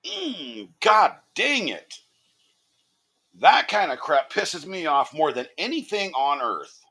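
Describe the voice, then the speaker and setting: A man's voice: a little high, slow, husky. A man streaming a live reaction video, ranting angrily with lots of profanity. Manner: angry, profane, animated ranting.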